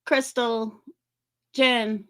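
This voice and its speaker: A woman's voice: on the high side, level tone, very slow, smooth. A middle-aged woman hosting a casual livestream, chatting with viewers by name and making sarcastic asides. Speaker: livestream commentary host.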